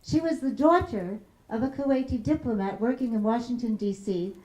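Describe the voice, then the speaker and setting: A woman's voice: on the high side, mellow. Woman speaker in an echoey hall. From Chicago, USA. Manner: measured, slows down to stress quotes. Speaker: peace activist speaker. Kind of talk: public talk, storytelling. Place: lecture room. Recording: roomy hall echo.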